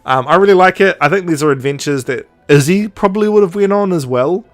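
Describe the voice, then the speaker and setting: A man's voice: sits high, fast. A man hosting a podcast, retelling a story in casual chat and acting out the quoted lines. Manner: chatty, animated, acts out quoted dialogue with laughs. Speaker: podcast host.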